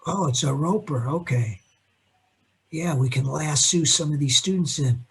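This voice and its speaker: Husky-voiced male accounting lecturer. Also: fairly high pitch, measured pace. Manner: animated, teasing, quizzes students by name. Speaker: accounting instructor. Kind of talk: classroom lecture with questions to students. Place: classroom.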